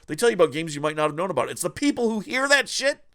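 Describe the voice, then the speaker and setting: A man's voice: sits high, very animated, very fast, a bit bright. A man hosting a retro gaming channel, ranting angrily with constant profanity. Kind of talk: ranting vlog.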